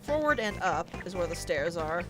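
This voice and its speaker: A woman's voice: on the low side, big pitch swings, moderate pace. A woman giving casual let's-play commentary, thinking aloud and often saying "like". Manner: thinks aloud, chatty, frequent "like". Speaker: gaming streamer. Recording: game music playing behind.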